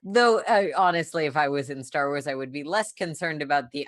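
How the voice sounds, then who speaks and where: A woman's voice: low voice, lively intonation, fairly quick, few pauses, a bit bright. A woman chatting at a tabletop game, making wry, self-mocking asides. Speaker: player. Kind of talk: casual tabletop chat.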